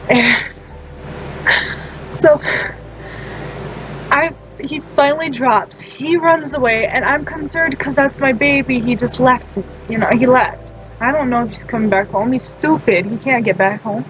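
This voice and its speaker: A woman's voice: high voice, a little slow, pauses often, background noise. A woman in her twenties rambling through a casual personal story, laughing often and poking fun at herself. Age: 20s. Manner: laughs often, self-deprecating. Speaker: storytime vlogger.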